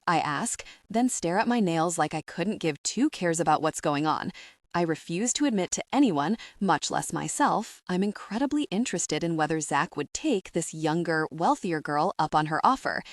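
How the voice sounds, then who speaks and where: A woman's voice: on the low side, lively intonation, normal speed, no room sound, clean studio sound. A woman narrating a first-person romance audiobook with a wry, sassy storytelling manner.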